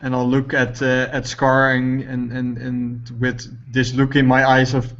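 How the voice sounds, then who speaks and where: A male player in a tabletop game, describing his actions in a rambling way in a middle-pitched voice. The recording is muffled and lo-fi. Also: monotone, moderate pace, few pauses. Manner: rambling, many restarts. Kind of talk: casual tabletop play.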